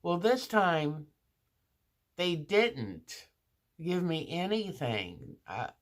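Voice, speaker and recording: A woman's voice: fairly low pitch, sing-song, drawn-out words. A woman vlogger telling a casual story in a chatty monologue, with restarts and asides, acting out the other people in it.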